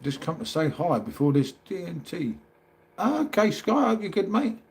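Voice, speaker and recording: A man's voice: high-pitched, very animated, normal speed, creaky. A middle-aged man with a London accent, chatting casually on a livestream and reading out comments, calling everyone mate. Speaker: livestream host.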